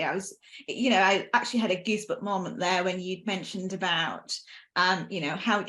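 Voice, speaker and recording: A woman's voice: mid-range voice, a bit bright. A woman with a British accent hosting an interview, attentive and encouraging, with frequent fillers. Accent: British English. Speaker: interviewer, host. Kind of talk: conversational interview.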